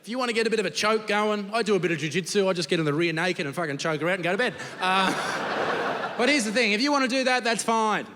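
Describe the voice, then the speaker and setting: A man's voice: high-pitched, fast talker, crowd noise. A young Australian man doing a crude, brash stand-up set before a live audience. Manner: crude, brash storytelling with swearing. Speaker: stand-up comedian. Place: comedy venue with live audience. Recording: live hall reverb, faint noise.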